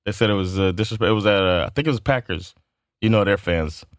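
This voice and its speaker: A man's voice: on the low side, fast talker, dry recording. Laid-back man telling stories, dry sound. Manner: laid-back storyteller, laughs often, many filler words. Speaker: podcast co-host. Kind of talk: casual chat.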